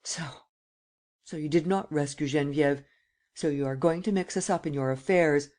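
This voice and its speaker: A frightened old woman begging to be left in peace, her voice raised high and trembling with worry, as a male audiobook reader puts her on. She implores and scolds by turns in a storybook reading. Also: moderate pace, darkish tone, natural voice. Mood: alarmed. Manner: tearful, imploring. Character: anxious, pleading old woman guardian.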